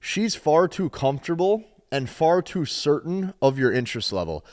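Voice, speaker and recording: A man's voice: fairly high pitch, big pitch swings, moderate pace, darkish tone. A man giving dating advice straight to camera, emphatic and repetitive, often checking in with "okay?". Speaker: dating coach. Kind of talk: direct-to-camera advice talk.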